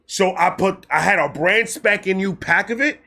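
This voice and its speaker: A man telling a personal story in a casual vlog, excitable, animated and full of profanity. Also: high voice, moderate pace. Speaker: storyteller host.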